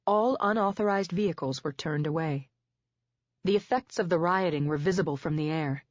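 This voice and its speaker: A woman narrating a first-person psychological thriller audiobook in a measured, steady way. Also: lowish voice, no room sound. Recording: dull, dry lo-fi recording.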